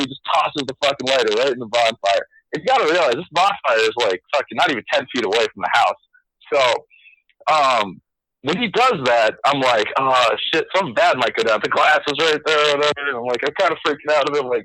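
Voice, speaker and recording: A man's voice: medium pitch, lively intonation, fast talker, sharp tone, no echo, poor audio. A young man telling a story on a casual podcast chat, swearing a lot and laughing as he goes. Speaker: podcast co-host.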